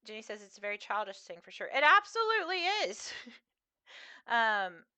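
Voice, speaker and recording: A woman's voice: on the high side, very animated, normal speed, pushed and bright, clear, resonant tone, no room sound. A young woman streamer chatting casually with her viewers while she plays, rambling with frequent fillers and laughs. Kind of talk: casual live-stream chat while gaming.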